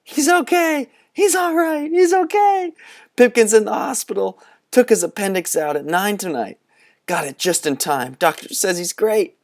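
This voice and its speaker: A man voicing an excited young boy in a storybook reading, shrieking and gushing with relief. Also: high voice, normal speed, voice pushed up. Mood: overjoyed.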